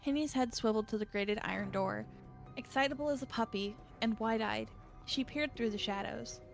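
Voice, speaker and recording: A woman streamer narrating a visual novel in a steady, measured reading voice. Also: on the high side, gravelly, soft background music.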